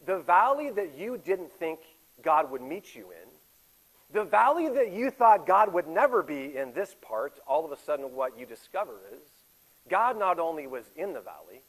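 A man in his forties preaching a sermon as a pastor, swinging between loud emphatic stretches and hushed, intimate ones. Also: fairly high pitch, moderate pace, rough recording. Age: 40s. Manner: animated, shifts from loud emphatic to quiet intimate.

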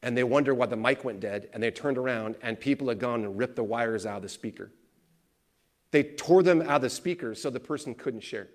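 Brisk and medium in pitch, a man preaches a storytelling sermon as pastor. He brings his stories to life animatedly, taking on the voices of the people he describes.

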